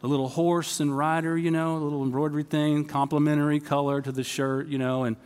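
A man's voice: a little high, level tone, fast talker, few pauses, a little mellow, clear, resonant tone. A man in his fifties preaching a sermon to his congregation, telling a story in a conversational way and speaking to them directly. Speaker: pastor. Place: church sanctuary. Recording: long reverb of a church hall.

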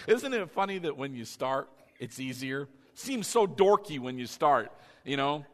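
A man preaching a sermon as pastor, animated and coaxing his congregation to repeat lines after him. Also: medium pitch.

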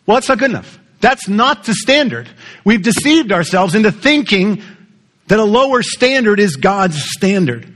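Man, pastor, sermon, husky voice, animated pitch, chatty storytelling, asks the congregation questions. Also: normal speed.

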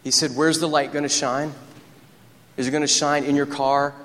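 Man, pastor, animated sermon, fairly high voice, long church reverb. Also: moderate pace. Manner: animated, storytelling preacher who gets excited. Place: church sanctuary.

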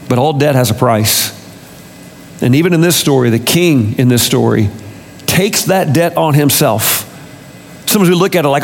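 Gravelly preacher man in a reverberant hall. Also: a little high, expressive, measured pace, long pauses, slight background noise. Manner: casual, rhetorical, many "like"s and self-corrections. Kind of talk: conversational sermon. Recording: long reverb of a large hall.

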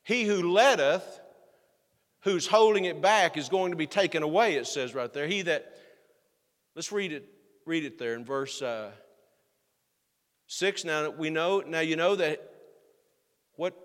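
A fairly high-voiced man preaching to his congregation, reading verses in old wording and then unpacking them in everyday speech. His words ring out with a long reverb in the church sanctuary. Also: a little slow, pauses often. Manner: reads scripture aloud then explains it plainly, with restarts. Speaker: pastor. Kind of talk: expository sermon.

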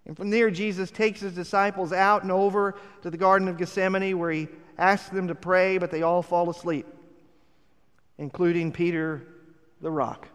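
Preacher guy, kinda high smooth voice, earnest storytelling, big echoey hall. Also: level tone, normal speed. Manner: earnest, storytelling, rising to emphatic peaks. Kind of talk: sermon. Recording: long hall reverb.

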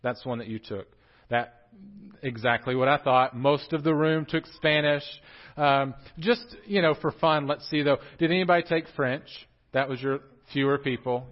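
Joking preacher, muffled sound. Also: male voice, a little high. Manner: joking, animated, talks straight to the congregation. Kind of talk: casual sermon with humor. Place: church sanctuary.

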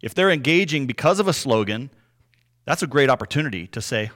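A man with a mid-pitched voice talks through points of Scripture in a relaxed, conversational teaching style. He is earnest and explanatory, often tagging his points with a quick "right?" to check in with his listeners. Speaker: Bible teacher.

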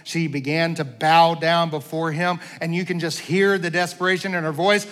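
A man in the pulpit delivers an animated sermon in a high, bright tenor. He swings from fervent pleading to hushed, wry asides. His voice rings out with a long reverb through the church. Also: moderate pace. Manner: animated preaching, swinging between loud pleading and quiet asides; self-deprecating humor. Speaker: pastor. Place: church sanctuary.

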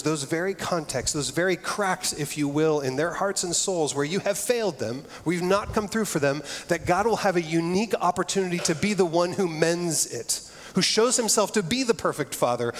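A middle-aged man preaching a sermon, earnest and conversational, often restarting his phrases. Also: sits high. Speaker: pastor. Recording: long reverb of a large hall.

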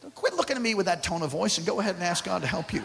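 A male pastor preaching a sermon, calling out to the congregation and swinging from quiet to loud. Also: high-pitched, big pitch swings, very fast, creaky. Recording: hall reverb with faint music.

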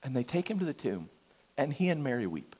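A man preaching a sermon, conversational and animated, dropping to a hush for emphasis. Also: medium pitch, a little fast, husky.

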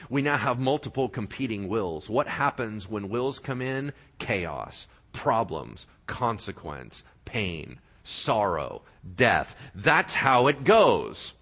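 A male preacher delivering a lively sermon. His bright, ringing voice swings widely in pitch as he tells the story with playful energy and stops to check in with his listeners. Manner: animated, playful storyteller, asks the audience questions. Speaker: pastor.

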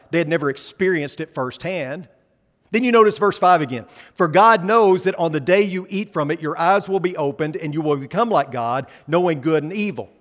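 A man's voice: on the high side, long reverb tail. A man preaching a sermon in a conversational way, asking the congregation rhetorical questions as he reads scripture. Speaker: pastor.

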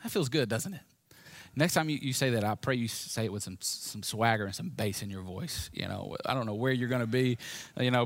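A man delivers a sermon in a casual, animated way, breaking off into asides and questions for his listeners. His voice sits a little on the high side, and the recording is dry and close, with no room sound. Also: dry recording. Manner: conversational, lively preaching with asides and audience prompts. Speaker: preacher.

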